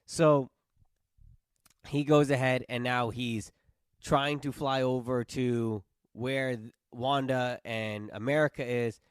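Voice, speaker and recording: A man guesting on a podcast as a film critic, relaxed as he recaps the plot in casual chat. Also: mid-range voice, slow, clean tone, dry recording, clean studio sound.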